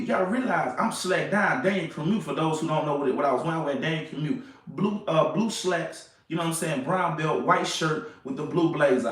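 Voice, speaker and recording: A young man telling a date story in a casual, animated way, repeating phrases and asking "you know what I'm saying". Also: fairly high pitch, distant mic. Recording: echoey room, off-mic.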